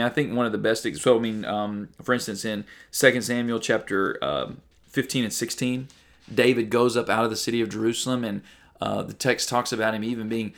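A man's voice: lowish voice, vocal fry. A man preaching a sermon as a pastor, earnest and conversational, reading Bible passages and mimicking people.

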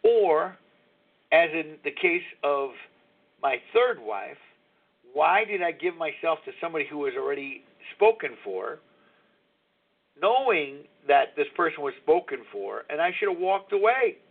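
A man's voice: a little high, sing-song, measured pace, gravelly. A man in his sixties hosting a recovery talk show, rambling and confessional, chuckling as he goes. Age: 60s. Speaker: radio show host. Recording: tinny phone-line sound.

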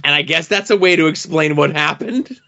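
A man's voice: fairly high pitch, moderate pace, vocal fry, pushed and bright. Hesitant man analyzing comic art, lo-fi. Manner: thoughtful, hesitant, many fillers. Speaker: podcast co-host. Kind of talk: casual comic book analysis. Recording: dull lo-fi podcast audio.

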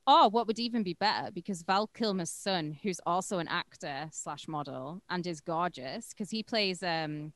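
A woman co-hosting a podcast, chatting casually in a blunt, profane, animated way. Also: fairly low pitch, moderate pace, hardly any pauses. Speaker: podcast co-host. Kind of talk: casual chat.

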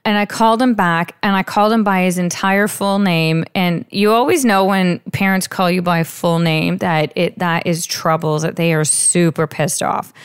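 A woman's voice: lowish voice, fairly even intonation, normal speed, hardly any pauses, smooth, dry recording, clean studio sound. A woman talking about being a stepmother, telling her own stories in an earnest, confiding way with many restarts. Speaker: stepmother sharing advice. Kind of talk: personal storytelling monologue.

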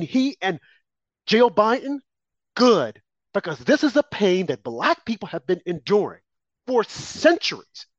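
Lively talk radio host, man. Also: sits high, no echo, muffled recording. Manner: forceful, lively, rhetorical. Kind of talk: political talk radio hosting.

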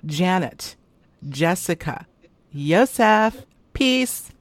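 A woman's voice: fairly low pitch, lively intonation, very slow, no echo. A woman hosting a casual chat show, effusive and emotional as she thanks her guest and supporters. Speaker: host.

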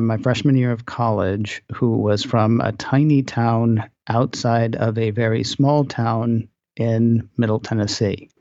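A man's voice: mid-range voice, darkish tone, dry recording, muffled recording. A man hosting a podcast in casual chat, rambling and qualifying himself as he goes. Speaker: podcast host.

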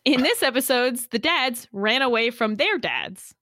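A woman co-hosting a podcast in easy chat with friends, laughing often and teasing the others. Her voice swings widely in pitch and sits a little high. The sound is close and dry. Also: lively intonation, a bit bright, no room sound. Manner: giggly, teasing, quick asides. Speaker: podcast co-host. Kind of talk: casual group chat.

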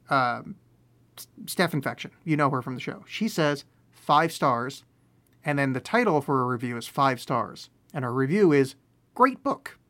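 Male podcast host with a somewhat high voice, rambling solo monologue with self-deprecating, deadpan sarcasm. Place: home room with bookshelf.

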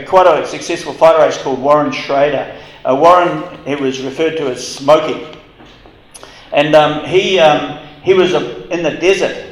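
A man telling a wartime anecdote to a live meetup, rambling with frequent restarts and fillers. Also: a little high. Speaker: guest storyteller. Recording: echoey room recording.

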